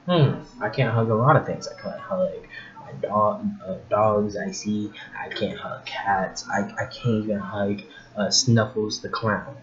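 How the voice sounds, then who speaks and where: A man's voice: on the low side, measured pace. A man giving a rambling casual rant to camera, often restarting his sentences and getting heated and incredulous. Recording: dull lo-fi with faint hiss.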